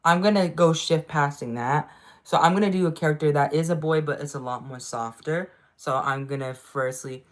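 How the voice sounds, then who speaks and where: A woman with a somewhat low voice talks casually to her stream, narrating each step of her voice practice as she goes. She is chatty and excitable, often stopping to comment on herself. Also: moderate pace. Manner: chatty, self-explaining, excitable. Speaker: vlogger practicing voice acting. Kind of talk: casual livestream chat.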